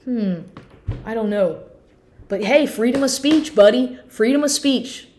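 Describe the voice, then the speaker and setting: A woman's voice: fairly high pitch, unhurried, warm tone, echoey room, a little hiss or hum. A woman vlogging an angry personal rant at home, swearing constantly and firing off indignant rhetorical questions.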